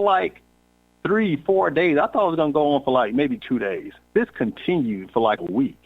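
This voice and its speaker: Candid male storyteller on a tinny line. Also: medium pitch. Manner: animated, candid storyteller acting out dialogue. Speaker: podcast host. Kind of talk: casual storytelling.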